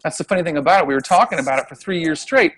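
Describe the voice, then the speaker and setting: A middle-aged man, a Chinese medicine practitioner, telling a story in casual conversation from home over a video call, animated and laughing often. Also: fairly high pitch, racing. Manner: animated, acts out voices when quoting people, laughs often. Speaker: Chinese medicine practitioner and qigong healer, interview guest.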